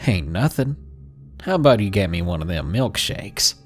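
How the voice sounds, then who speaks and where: Creepy fifties cowboy with a heavy Southern drawl, slow and oily, read by a male narrator. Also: deep voice, very animated, faint music behind. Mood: leering. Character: leering middle-aged male cowboy creep.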